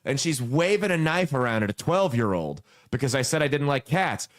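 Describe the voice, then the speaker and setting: A man in his thirties hosting a casual podcast, a brash storyteller with crude jokes and sudden swings in loudness. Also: medium pitch, sing-song, fairly quick. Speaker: podcast host.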